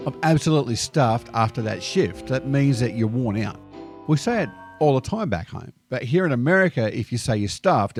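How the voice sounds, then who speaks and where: A man with an Australian accent telling stories to camera in a lively, slang-filled monologue. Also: mid-range voice. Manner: lively anecdotal delivery sprinkled with slang. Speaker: video host. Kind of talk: scripted storytelling monologue.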